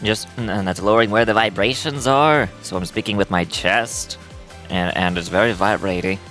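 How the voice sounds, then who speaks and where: A woman putting on a young man's voice, speaking low and grainy from the chest as she tests voice placement. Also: moderate pace, a bit bright, soft background music. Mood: testing. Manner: experimental, trying out voice placements.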